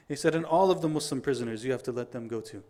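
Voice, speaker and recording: A middle-aged man giving a Friday sermon, telling stories in an animated way, acting out the dialogue and reciting quotations quickly. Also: medium pitch. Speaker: preacher.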